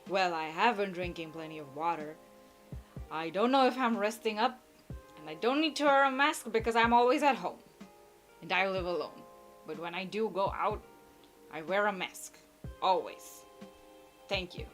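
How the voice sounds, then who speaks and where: Woman from India, channel host, casual advice chat, blunt and playful, mid-pitched voice, faint music in the background. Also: normal speed, long pauses, a bit bright. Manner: chatty, blunt, playful, laughs easily. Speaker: YouTuber answering viewer questions. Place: at home.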